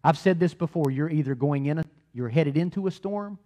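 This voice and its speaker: A middle-aged man preaching a sermon, animated, repeating words and swinging between loud and soft. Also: a little high, fairly quick. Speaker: pastor.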